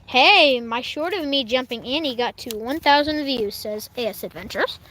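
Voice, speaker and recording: Bright high-voiced woman with a Kentucky accent. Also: normal speed, slight background noise. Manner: reads viewer comments aloud, giggly and chatty. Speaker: livestream host reading chat. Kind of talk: casual live-stream chat. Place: outdoors on a horse farm.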